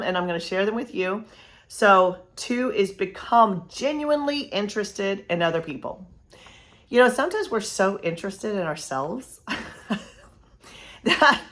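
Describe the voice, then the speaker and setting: A middle-aged woman hosting a course for mothers, giving an earnest motivational faith talk and dropping to a hush for tender moments. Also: mid-range voice.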